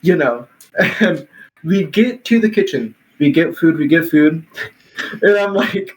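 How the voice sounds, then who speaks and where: A man's voice: fairly high pitch, lively intonation, slow, rough recording. Young man telling a rambling story. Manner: rambling, full of "like" and restarts, laughs while telling. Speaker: podcast host. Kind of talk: casual storytelling chat.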